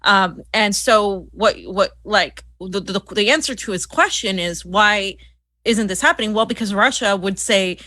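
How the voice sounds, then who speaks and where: A woman's voice: medium pitch, unhurried, pushed and bright, dry recording. A woman co-hosting a political talk show, speaking in a heated, scornful way with frequent restarts. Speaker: co-host. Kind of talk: political commentary chat.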